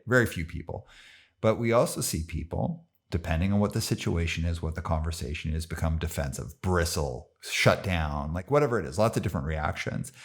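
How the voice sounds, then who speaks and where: A man with a very low voice hosts a conversational podcast interview. He speaks in animated bursts and sometimes mimics imagined voices to make a point. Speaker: podcast host.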